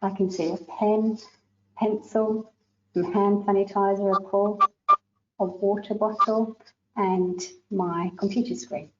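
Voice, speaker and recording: A woman with an Australian accent, interviewing and answering in a relaxed, plain way. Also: mid-range voice, slow, lo-fi sound, heavy background noise.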